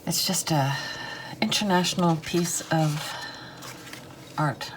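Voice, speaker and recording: A woman with a lowish voice talks casually as she draws and colors, rambling and unsure of herself, trailing off with fillers. A faint hiss sits under her voice. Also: slow pace. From United States. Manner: rambling, self-deprecating, hesitant with fillers; talks while drawing and coloring. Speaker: art vlogger. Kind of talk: casual chat while drawing.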